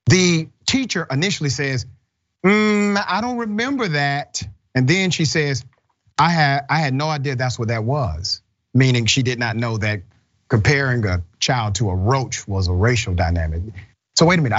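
A man's voice: mid-range voice, fairly bright tone, husky, muffled recording. A man hosting a news commentary show, talking bluntly and with indignation. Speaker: host.

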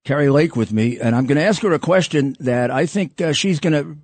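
Older New man hosting a chat show, lively pitch, animated and quick to laugh. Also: dry recording. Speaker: talk show host. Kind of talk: casual political talk show.

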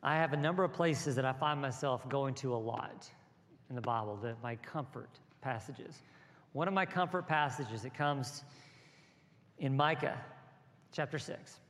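Man preaching in a reverberant hall. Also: normal speed. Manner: builds from soft, low asides to raised, rhythmic exhortation. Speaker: pastor. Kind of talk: sermon. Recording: long hall reverb with soft music behind.

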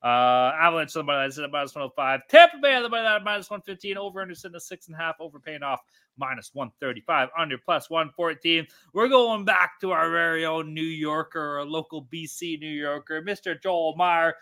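A man hosting a betting podcast in a bright, forceful voice at an ordinary pitch. He runs briskly through the odds, swears casually, and needles his co-hosts. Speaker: podcast host.

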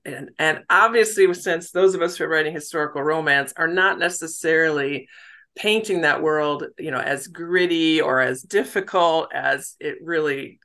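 Middle-aged woman from the US, bright clear tone, chatty, quick to laugh. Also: low voice. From United States. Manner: chatty, laughs easily, warm self-deprecating. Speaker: novelist guest. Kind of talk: casual interview talk.

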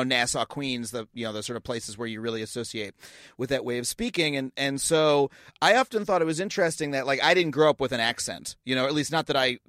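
A man's voice: mid-range voice, fairly bright tone, dry recording, studio quality. Casual male podcast host from Long Island. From Long Island, New York. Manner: casual, lots of filler words. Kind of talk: interview talk.

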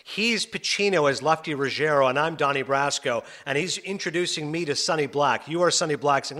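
A man's voice: a little high, a little fast, few pauses. A middle-aged male sports broadcaster in casual interview chat, telling stories with laughs and acted-out quotes. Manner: animated storyteller, laughs often, acts out quotes. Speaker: sports broadcaster and podcast host.

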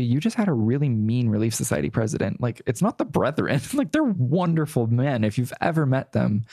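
A young man with a gravelly, creaky voice tells his story as an interview guest. He talks in a chatty, rambling way, with plenty of "like" fillers and the odd sassy aside. The sound is dry and close, with no room echo. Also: medium pitch, a little mellow.

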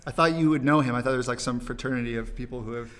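A man co-hosting a casual sports betting podcast, cracking deadpan, offbeat jokes. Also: mid-range voice, very fast, big-room sound. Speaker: podcast co-host.

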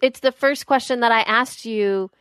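Woman, podcast co-host, casual chat, higher voice, dry recording. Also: fairly bright tone, clear, resonant tone, dry recording. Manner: quick reactive interjections.

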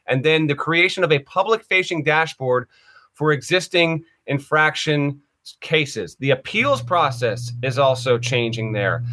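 Bright-voiced man co-hosting a podcast. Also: on the high side. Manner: reads statements aloud, then comments skeptically. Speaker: podcast co-host. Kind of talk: casual sports chat.

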